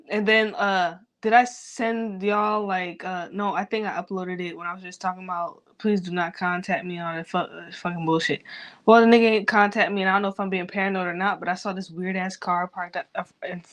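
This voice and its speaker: A woman's voice: mid-range voice, a bit bright. A grieving woman, rambling loosely and cursing freely in a personal vlog. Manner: rambling, profane, loose and unfiltered. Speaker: vlogger.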